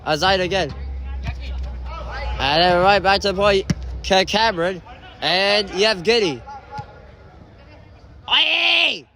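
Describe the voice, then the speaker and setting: A man giving live play-by-play commentary at an amateur indoor soccer match, excitable, with frequent shouted calls and exclamations. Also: high-pitched, unhurried, long pauses, a faint crowd.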